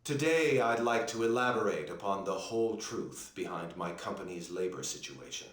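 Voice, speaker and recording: Robotic CEO, flat formal statement, roomy sound. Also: male voice, deep voice, moderate pace. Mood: stiff, formal. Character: male company CEO at a press conference, stiff.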